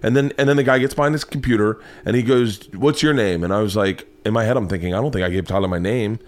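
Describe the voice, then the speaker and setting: A man chatting on a podcast, telling profane stories and acting out the dialogue. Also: on the low side. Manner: profane, fast-moving anecdotes with acted-out dialogue. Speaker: podcast guest, husband of the host. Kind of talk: casual chat, animated storytelling.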